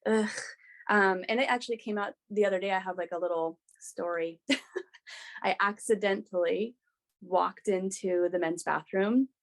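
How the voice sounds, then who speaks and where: A woman guest on a podcast, sharing a personal story in a candid, animated way with frequent restarts. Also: medium pitch, moderate pace.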